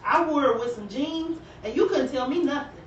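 A young woman hosts a live shoe sales stream, chatting animatedly with viewers while slightly out of breath. Her high-pitched voice comes at a moderate pace from a distant mic, and the roomy, lo-fi recording carries slight background noise.

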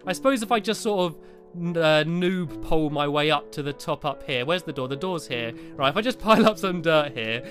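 A man's voice: high-pitched, a bit bright. A man narrating a Minecraft game in character, playful, with many stammered restarts and giggles. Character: cheerful cat character exploring the moon. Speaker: Minecraft let's play host.

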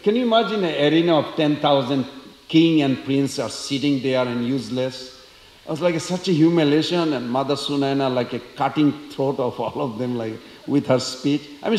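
A man giving a storytelling lecture at a temple, acting out the voices of the characters with lively energy. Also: on the high side, moderate pace. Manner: animated, acts out quoted characters. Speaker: temple speaker. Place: temple hall. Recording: echoey temple hall.

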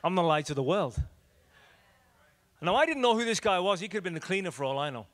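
Irish male evangelist, higher-set voice, lively repetitive preaching, reverberant church hall. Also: fast talker. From Ireland. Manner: animated, repetitive preaching with big swings in loudness. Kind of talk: evangelistic teaching talk with storytelling.

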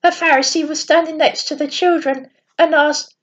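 A woman telling a bedtime story in a plain, gentle reading voice with small slips. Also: high-pitched, fairly even intonation, moderate pace. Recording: dull lo-fi recording.

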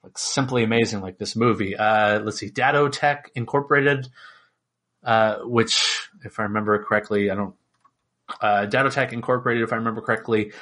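A man's voice: fairly low pitch, steady tone, brisk, pushed and bright. A man co-hosting a podcast in casual chat, rambling with lots of fillers. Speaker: podcast co-host.

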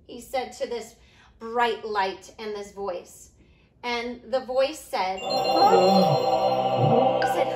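A woman teaching preschoolers online, telling a Bible story in a gentle, sing-song way. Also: on the high side, noisy background. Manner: gentle, sing-song, talking slowly to small kids. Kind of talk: storytelling to young children. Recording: echoey room.

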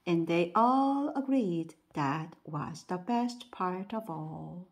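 A woman reading a bedtime story aloud. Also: on the low side. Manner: slow, lively storybook reading.

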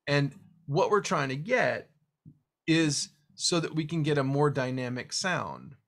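A man teaching a guitar lesson one-on-one, explaining technique as he demonstrates, swinging between lively stressed phrases and quiet asides. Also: fairly high pitch, measured pace. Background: guitar strumming.

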